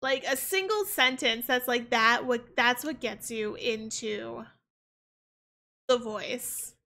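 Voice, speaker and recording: A woman's voice: fairly high pitch, slow, gravelly, sharp tone. A young woman streaming a game, chatting casually in a rambling way. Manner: rambling, full of fillers and restarts. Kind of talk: casual chat while gaming.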